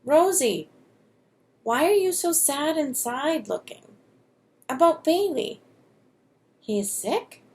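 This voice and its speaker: Woman reader doing a calm, patient old granny, coaxing and gentle, slightly high and slow. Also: heavily acted. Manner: coaxing, gently probing questions. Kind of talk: storybook reading.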